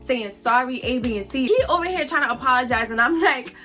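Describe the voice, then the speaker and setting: A young woman telling a story on her vlog in a chatty, animated, slangy way. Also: high-pitched, fast talker, soft background music.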